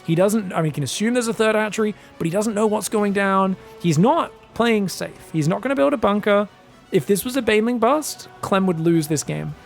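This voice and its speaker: Male esports caster, higher voice with gravel, excitable, talks straight to viewers. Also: fairly quick, faint music behind. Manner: excitable, bursts into loud shouts at big plays; chatty, addresses viewers directly. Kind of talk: live game commentary.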